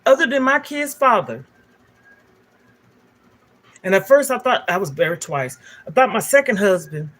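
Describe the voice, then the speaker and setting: A woman's voice: medium pitch, sing-song, normal speed, long pauses, fairly bright tone. Candid grandmother sharing a personal story. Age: older. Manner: candid, emotional, talks directly to viewers. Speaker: livestream host.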